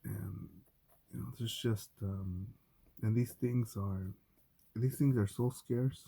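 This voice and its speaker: Gravelly dark-voiced man rambling profanely. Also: on the low side, slow pace. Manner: profane, animated storytelling. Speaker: vlogger. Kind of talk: casual rambling monologue.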